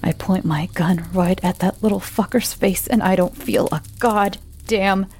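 A woman narrating a scripted first-person horror story in a slow, low, hushed voice that often drops to a whisper. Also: a little hiss or hum.

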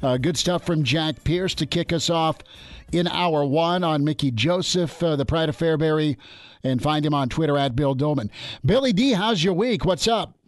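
A man's voice: on the high side, moderate pace, dry recording. Chatty male sports radio host. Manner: chatty, lots of "uh" fillers, laughs easily. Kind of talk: casual sports talk radio.

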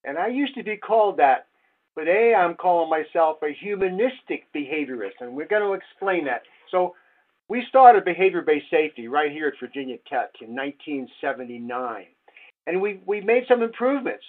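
A man's voice: a little high, big pitch swings, normal speed. An older man, a safety researcher, giving a wry slide presentation full of rhetorical questions. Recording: tinny phone-like audio.

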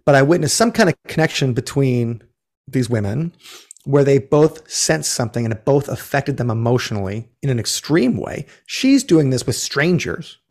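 At a moderate pace, a ghost tour operator with a mid-range, slightly mellow voice and lively intonation tells a story. The interview is casual; he rambles, starts over, corrects himself, and acts out quotes.

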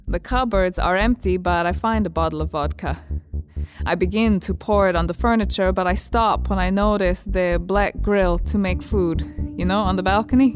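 An actress playing a blunt, matter-of-fact young Estonian immigrant woman in a radio drama, speaking halting, broken English with an Estonian accent and searching fillers. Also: mid-range voice, close to an everyday voice.

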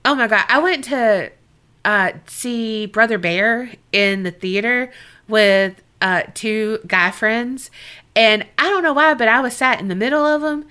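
A woman's voice: a little high, measured pace, sharp tone, smooth. A woman co-hosting a podcast, chatting expressively with frequent laughs and swearing. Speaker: podcast co-host. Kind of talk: casual chat.

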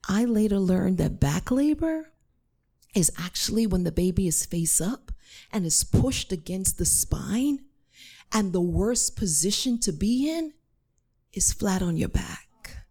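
Slow, dramatic woman storyteller. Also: medium pitch, lively intonation, dark tone. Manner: dramatic, emphatic, repetitive. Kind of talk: live personal storytelling.

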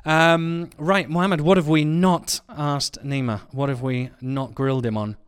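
A man's voice: fairly high pitch, steady tone, a little slow, clear, resonant tone. Chatty, jokey man co-hosting a podcast. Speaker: podcast co-host. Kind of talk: casual chat.

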